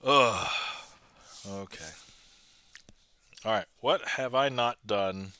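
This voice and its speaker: A man's voice: lowish voice, slow pace, pushed and bright, clean tone. A man chatting casually on a magic livestream as the magician streamer, rambling with lots of fillers.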